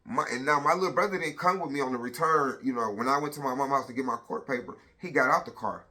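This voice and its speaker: A man's voice: mid-range voice, fast talker, sharp tone. A man in his thirties telling a personal story on a casual vlog, blunt and profane, retelling it with lots of energy.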